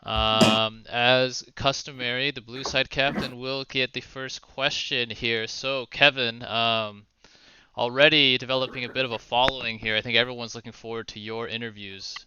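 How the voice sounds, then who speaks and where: A man hosting a casual online esports broadcast, lively and joking, often laughing as he interviews team captains. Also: medium pitch, normal speed, highs cut off, a little hiss or hum. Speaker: esports caster and host. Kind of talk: casual streamed esports commentary.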